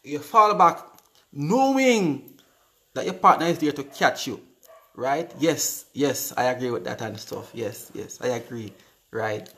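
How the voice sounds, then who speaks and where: A man's voice: fairly high pitch, animated, unhurried, sharp tone. A Jamaican man in his forties hosting a casual live stream, reading viewer comments aloud and answering them in an upbeat, chatty way, often repeating words. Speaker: live show host.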